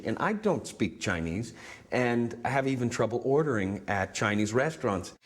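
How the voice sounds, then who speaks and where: An actor in a documentary interview, talking in an animated, self-mocking way. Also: male voice, medium pitch, moderate pace.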